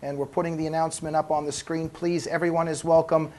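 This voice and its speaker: A man's voice: a little high, little pitch movement, fast, a little mellow. A man from Canada hosting a panel talk show, joking and laughing often. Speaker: host.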